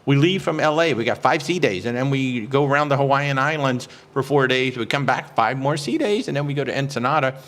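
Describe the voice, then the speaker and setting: A man hosting a live cruise question-and-answer stream as a travel agent. He talks in an excitable, chatty way, greets viewers by name and fills pauses with lots of "uh"s. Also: medium pitch. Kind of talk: casual live-stream chat.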